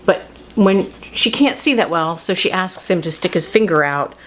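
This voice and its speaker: A woman's voice: fairly low pitch, animated, normal speed. A woman hosting a casual book talk who chats loosely, often laughs and breaks off mid-sentence. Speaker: host. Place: home studio.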